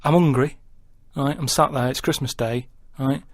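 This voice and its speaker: A man's voice: medium pitch, fairly even intonation, normal speed, no room sound. Rambling man who keeps asking "right?". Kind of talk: casual radio chat.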